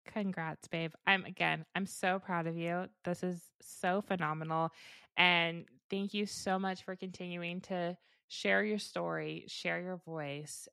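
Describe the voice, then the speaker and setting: Podcast host: a woman with a heavy-fry, bright voice, gushing and supportive, recorded dry. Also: on the low side, no room sound. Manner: gushing, supportive, with many "like" fillers. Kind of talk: casual podcast conversation.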